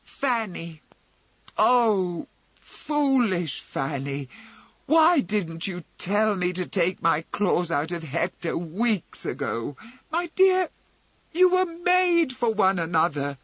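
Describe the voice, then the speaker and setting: A man voicing a proud, spirited young noblewoman who talks in a lively, teasing and emphatic way. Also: sits high, slow, no echo, dull audio, voice pushed up, heavily acted.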